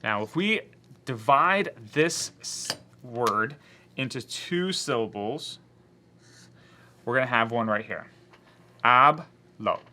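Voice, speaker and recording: A man's voice: medium pitch, animated, slow, pauses often, bright, forceful tone, a little hiss or hum. A man teaching a Spanish grammar lesson to his class, explaining patiently and voicing the objections students might raise.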